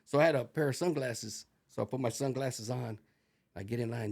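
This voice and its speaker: A middle-aged man, a retired corrections officer, telling profane, animated stories in casual conversation. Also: medium pitch, brisk, vocal fry. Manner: profane, animated, acts out voices in anecdotes. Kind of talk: casual storytelling.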